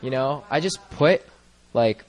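A man's voice: mid-range voice, a little slow. A young man sharing a personal testimony at a church gathering, talking into a microphone in a mid-range voice. He rambles earnestly, leaning on "like" and "you know" and breaking into easy laughs. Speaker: church member giving a testimony.

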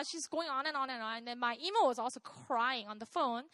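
A young woman, telling a personal testimony in an animated way, laughing often and checking in with "right?". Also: high voice, a little fast, no echo. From South Korea. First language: Korean. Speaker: speaker sharing a testimony.

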